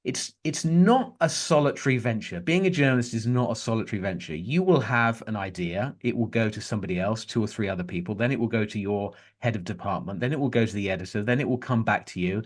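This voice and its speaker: A middle-aged man, a journalist guest on a podcast who tells animated stories and restarts his sentences often. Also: fairly low pitch, fast talker, hardly any pauses. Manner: animated storyteller, frequent restarts. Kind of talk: conversational interview.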